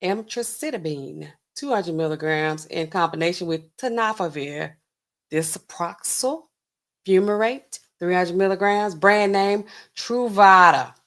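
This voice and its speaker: A middle-aged woman with a bright, forceful voice hosts a casual livestream. She talks straight to her chat in a loose, easygoing way. She slows down to sound out long drug names. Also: lowish voice. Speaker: pharmacist livestream host.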